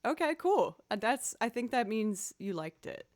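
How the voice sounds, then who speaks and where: A woman's voice: a little high, sing-song, moderate pace, darkish tone. A woman chatting casually with viewers on a live stream, playful and goofy. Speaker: streamer and violinist.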